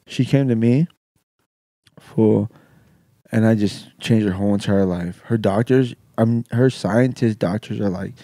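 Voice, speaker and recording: A man's voice: lowish voice, moderate pace, no room sound. A man, a personal trainer guest, telling stories in casual chat, acting out quotes and laughing often. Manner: animated storytelling, acts out quotes, laughs often.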